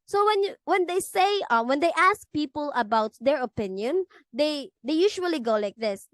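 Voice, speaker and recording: Woman presenting a lecture, read from a script, occasional stumbles, high voice, dry close sound. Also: lively intonation, moderate pace, few pauses, no echo. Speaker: student presenter.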